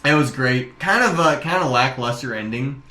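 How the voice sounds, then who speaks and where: Bright, joking young man in a roomy room. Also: mid-range voice, moderate pace. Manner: animated, joking, profane, full of voices. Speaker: podcast co-host. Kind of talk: casual comedic chat. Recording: roomy echo.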